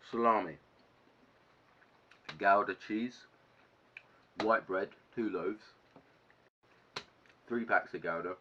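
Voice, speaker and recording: A young man telling a casual storytime to camera, animated, ranting and swearing a lot. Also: sits low, noisy background. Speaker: vlogger. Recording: dull lo-fi sound.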